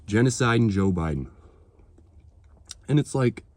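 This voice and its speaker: A man's voice: mid-range voice, expressive, a little slow, no echo. A man delivering a heated, sarcastic political rant to his viewers, swearing freely. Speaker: political vlogger. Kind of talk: ranting monologue to camera.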